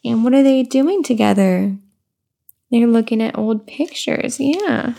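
A young mother reading a picture book aloud to her baby in soft, cooing baby talk, with a slow sing-song reading voice. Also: a little high, expressive, vocal fry.

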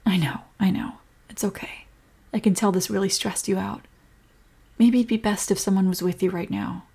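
Breathy young woman, whispered role-play, soft protective girlfriend tone. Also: mid-range voice, steady tone, brisk.

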